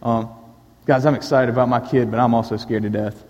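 A man's voice: mid-range voice, steady tone, darkish tone, lo-fi sound. Earnest preacher man in a big echoing hall. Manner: earnest, personal storytelling with pauses. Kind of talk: sermon. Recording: long echo of a large hall.

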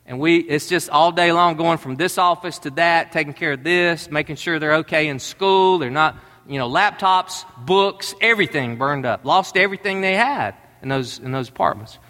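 Preacher guy, middle aged, kinda high voice, chatty storytelling sermon, big echoey church. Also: moderate pace, few pauses, pushed and bright. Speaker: pastor.

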